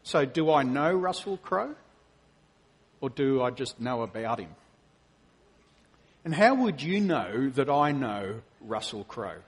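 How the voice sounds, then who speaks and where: A middle-aged man, a preacher and professor, giving a conversational sermon with animated storytelling. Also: mid-range voice, slow, pauses often, breathy edge. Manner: animated storytelling, acting out quotes.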